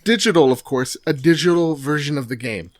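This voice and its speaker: A man's voice: on the high side, brisk, crowd noise. A man co-hosting a casual gaming podcast, joking around and reading listener reviews aloud. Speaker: podcast co-host.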